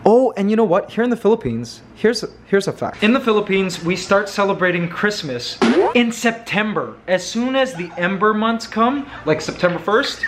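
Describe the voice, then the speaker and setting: A man's voice: high voice, animated, normal speed, background noise. A man in a casual home vlog, talking playfully and coaxing his pet parrot. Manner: playful, sings snatches of carols. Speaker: vlogger.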